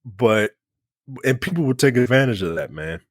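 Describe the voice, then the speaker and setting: Animated man telling family stories. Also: mid-range voice, moderate pace, dry recording, clean studio sound. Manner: rambling, animated storytelling with restarts. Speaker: podcast co-host. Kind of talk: casual chat.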